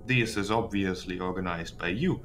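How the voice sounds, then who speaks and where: A man voicing a calculating woman prisoner who speaks in a measured, cautious way. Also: sits low, fairly bright tone, faint music behind. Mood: guarded. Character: guarded calculating woman captive.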